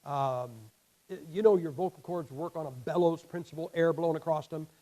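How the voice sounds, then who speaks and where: Over poor audio, a man in his sixties delivers a blunt, folksy, emphatic sermon in a slightly high, mellow voice at a brisk pace. His damaged vocal cords make him run short of breath as sentences end.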